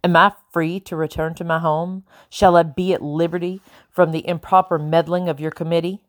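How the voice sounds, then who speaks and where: A woman reading the part of a smooth, evasive colonial merchant who mocks lightly in an audiobook. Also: on the low side, little pitch movement, moderate pace, no room sound, studio quality, close to an everyday voice.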